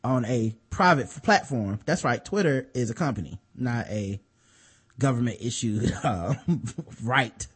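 A man's voice: medium pitch, lively intonation, unhurried, husky. A man co-hosting a podcast, explaining a story in loose, profane casual chat with many restarts. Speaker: podcast co-host.

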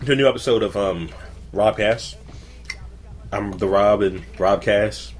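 A man's voice: on the low side, a little slow. A man co-hosting a podcast in crude, rambling, joking casual chat. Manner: rambling, profane, jokey. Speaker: co-host.

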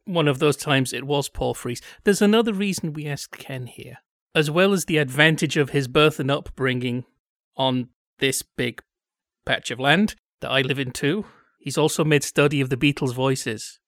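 A man's voice: mid-range voice, moderate pace, fairly bright tone, no echo, studio quality. A man hosting a casual discussion, wry and analytical as he leads the talk. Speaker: podcast host.

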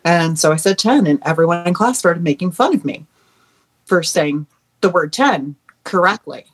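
A woman from New York, a podcast guest, chatting casually and telling lively stories. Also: fairly low pitch, moderate pace. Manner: animated storyteller. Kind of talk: casual chat.

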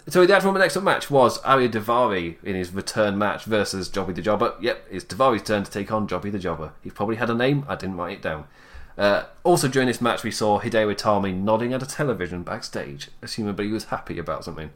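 A man's voice: on the low side, lively intonation, brisk, a bit bright. A young man casually recapping a wrestling show, chatty and laughing often, acting out quotes in mock voices.

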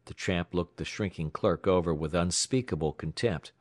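A man reading an adventure story aloud in a measured, even manner. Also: low-pitched, no room sound, clean studio sound. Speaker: audiobook narrator. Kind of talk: scripted story narration.

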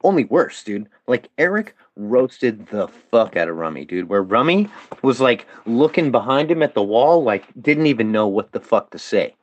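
A man's voice: mid-range voice, normal speed, no echo, lo-fi sound. Guy ranting a story on a podcast, cussing nonstop, says dude and bro a lot, voice jumps all over. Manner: profane, animated, peppers speech with "dude" and "bro". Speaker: podcast guest. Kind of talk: casual storytelling.

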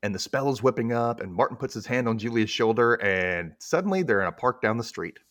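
Animated man recapping a show. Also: medium pitch, fairly quick, no echo, clean studio sound. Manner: animated storytelling, acts out quotes, laughs often. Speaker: podcast host recapping an episode. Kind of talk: casual recap chat.

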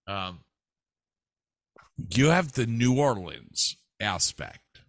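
A man talking casually about favorite movies, drawn out with many fillers and restarts. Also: no room sound. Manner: slow, drawn-out, lively pitch, frequent fillers and stutters.

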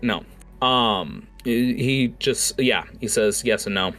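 A man narrating as game master of a tabletop game, halting often with fillers and self-corrections. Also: medium pitch, fairly bright tone.

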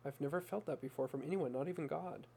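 A man's voice: a little high, fast talker, gravelly, warm tone, breathy edge. A man voicing a desperate young mother who pours out a raw, plain-spoken confession in a story reading. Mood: despairing.

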